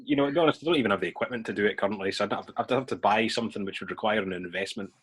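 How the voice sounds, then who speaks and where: Husky man, lively and laughing. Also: on the low side, very fast. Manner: laughs easily. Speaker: podcast host. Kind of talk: casual podcast chat.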